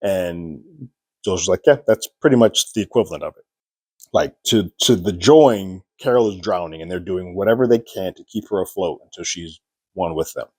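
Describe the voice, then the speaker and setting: A man's voice: deep voice, normal speed, darkish tone, slightly rough, no room sound. A man giving a casual spoiler review of a TV episode, retelling scenes and acting out characters' lines with raised voices.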